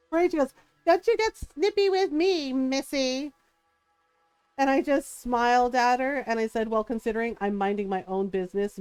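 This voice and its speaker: A middle-aged woman streamer chatting casually, telling an animated story with frequent laughs and quoted voices. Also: medium pitch, clean tone, no room sound. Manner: animated, laughing often, quoting others in shifting voices.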